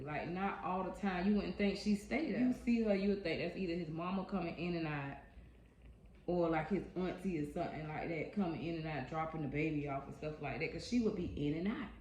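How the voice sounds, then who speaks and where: A woman's voice: on the low side, darkish tone. A young woman telling a personal story in a casual, chatty vlog, speaking directly to her viewers and reacting expressively as she goes. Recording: dull echoey room recording, faint hiss.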